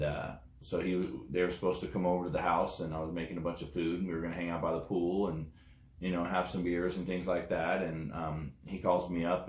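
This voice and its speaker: A man's voice: sits low, echoey room. A man telling his testimonial story casually, rambling with many fillers and acting out the dialogue he quotes. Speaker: network marketing distributor.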